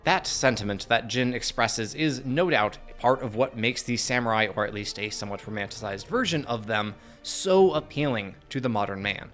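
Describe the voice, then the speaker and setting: A man's voice: medium pitch, moderate pace, hardly any pauses, a bit bright, soft background music. Earnest man narrating a video essay.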